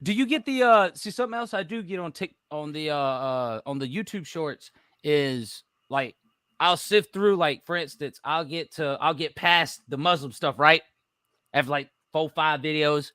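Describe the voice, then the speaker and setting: A man's voice: a little high, moderate pace, pushed and bright, clean tone, no echo, studio quality. A man chatting casually on a podcast, telling stories animatedly and acting out what other people said, often laughing. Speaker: podcast co-host. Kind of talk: casual chat.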